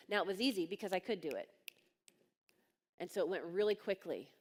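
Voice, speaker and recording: A woman's voice: fairly low pitch, lively intonation, fast, pauses often, big-room sound. A woman giving a live talk on coaching at a conference, telling stories bluntly and directly and acting out the voices of people she quotes. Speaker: coaching business speaker. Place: large conference hall.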